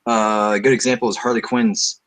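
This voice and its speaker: A man from Canada chatting casually about comics, blunt and animated. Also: fairly low pitch, fairly quick. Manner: animated, swearing, blunt opinions. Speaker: co-host. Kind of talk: casual chat.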